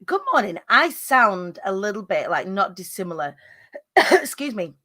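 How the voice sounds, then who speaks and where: Husky-voiced woman hosting a stream. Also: mid-range voice, sing-song, normal speed, pushed and bright, dry recording. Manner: chatty, cheeky, greets viewers by name. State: hoarse, husky morning voice. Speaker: host. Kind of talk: upbeat live-stream chat.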